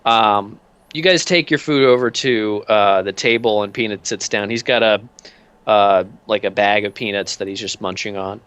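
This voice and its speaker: A man narrating a tabletop role-playing game as game master, casual and halting with many fillers. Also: lowish voice, a bit bright, smooth.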